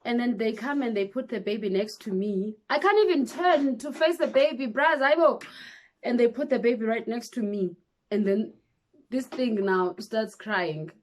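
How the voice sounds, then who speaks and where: A young woman, telling a personal story to camera in a casual, animated way. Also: a little high, normal speed. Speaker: vlogger.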